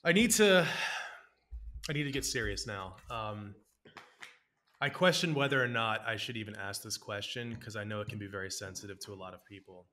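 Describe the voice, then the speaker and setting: A man's voice: fairly low pitch, normal speed, bright, forceful tone. A man hosting a podcast, asking questions in a playful, joking way and laughing a lot. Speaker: podcast host. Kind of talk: conversational podcast interview.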